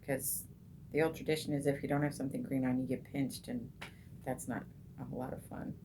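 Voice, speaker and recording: A low-pitched, middle-aged woman coaches meditation in an easy, chatty way, stopping often with "um" and starting sentences over. When she leads the breath she slows right down and goes soft. A faint hum of room ambience sits under her voice. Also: level tone. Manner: unhurried, many ums and restarts, soft and slow when guiding the breath. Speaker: meditation coach and group host. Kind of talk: casual teaching talk on meditation.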